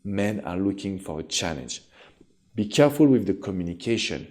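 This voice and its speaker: A man's voice: sits low, very animated, moderate pace, darkish tone. A man with a French accent giving relationship advice directly to his viewers as a coach, in an earnest and encouraging way.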